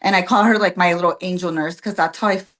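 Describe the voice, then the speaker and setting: A woman's voice: fairly low pitch, steady tone, quick pace, a bit bright. Chatty young woman telling a story. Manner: chatty, many "like" and "um" fillers, acts out quotes. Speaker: podcast guest. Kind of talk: casual storytelling.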